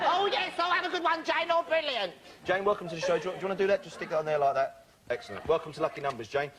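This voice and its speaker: A man's voice: sits high, expressive, rapid-fire, long pauses, a crowd in the background. A man hosting a live television game show, bantering cheekily with contestants in a studio with an audience. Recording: loud studio audience and noise.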